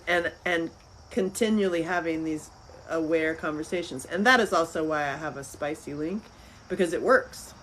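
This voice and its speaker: A woman talking as an interview guest in casual chat. She is animated, laughs often and repeats phrases. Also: deep voice, poor audio. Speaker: interview guest, filmmaker and author.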